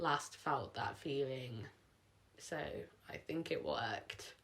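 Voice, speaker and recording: A young woman vlogging at home, telling a personal story in a rambling, emotional way, full of "like" and "sort of". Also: low-pitched. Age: young adult. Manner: emotional, sometimes tearing up.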